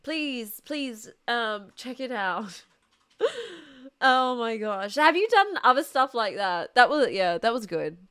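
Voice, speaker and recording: A high-voiced woman on a live stream, reacting to a clip and repeatedly collapsing into a goofy, helpless laugh. She talks slowly and sounds breathless and lightheaded between giggles. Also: big pitch swings, pushed and bright, smooth. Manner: keeps breaking into helpless laughter.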